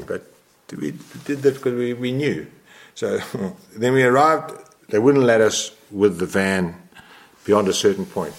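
A man in his sixties with a lowish voice tells a long anecdote. He rambles and keeps correcting himself, animated and quick in spurts. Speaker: motorsport photographer guest. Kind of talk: interview storytelling.

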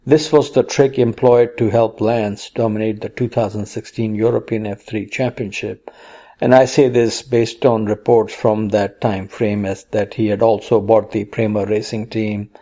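A man's voice: fairly low pitch, flat delivery, moderate pace, mellow. A man co-hosting a casual chat, reading news items aloud with playful puns and quotes. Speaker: co-host.

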